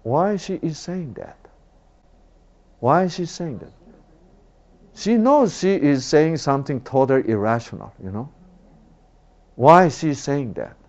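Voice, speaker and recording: Animated male preacher. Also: a little high, a little slow, long pauses, dull audio. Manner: animated, rhetorical questions, swings from loud to hushed. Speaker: father. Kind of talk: sermon.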